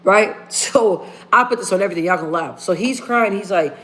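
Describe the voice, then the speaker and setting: A woman's voice: medium pitch, a little fast, a bit bright. A woman hosting a casual livestream, talking straight to her viewers and repeating phrases for emphasis. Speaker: livestream host. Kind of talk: casual live-stream chat.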